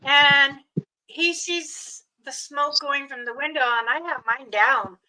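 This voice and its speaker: A woman's voice: high-pitched, steady tone, takes it slowly, pushed and bright, poor audio. An older woman from Montana telling family stories on her channel in a rambling way, with chuckles. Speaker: storyteller, channel host. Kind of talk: casual storytelling.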